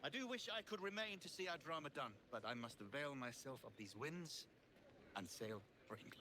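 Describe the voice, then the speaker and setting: A smug, jaunty sea captain. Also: male voice, fairly high pitch, animated, brisk, pushed and bright, slight background noise. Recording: game cutscene with ambience.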